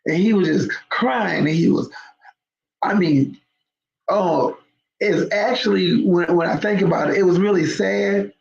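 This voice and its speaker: A woman's voice: on the low side, measured pace, gravelly, darkish tone. A woman hosting her show, telling a story to viewers in an emphatic, conversational way. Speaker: host. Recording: roomy, dull lo-fi sound.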